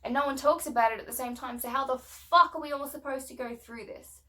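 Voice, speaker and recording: A woman's voice: sits high, a little fast, pushed and bright. A young woman venting in a casual rant to camera, blunt and swearing often, emphatic and heated. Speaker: vlogger.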